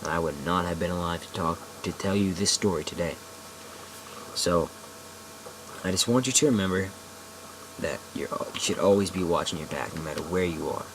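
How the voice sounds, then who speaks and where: A young man with a low voice tells a scary story to the camera. He rambles, backtracks and swears as he goes. A faint hiss sits under the recording. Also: normal speed, pauses often, a bit bright, low-quality recording. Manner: rambling, full of "like" and restarts, swears often. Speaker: vlogger.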